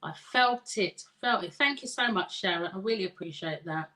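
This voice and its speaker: A woman's voice: mid-range voice, animated, low-quality recording. A middle-aged woman hosting a live stream, chatting with viewers and reading their comments aloud. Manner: slow, warm, chatty with viewers, laughs easily. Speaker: live show host and coach.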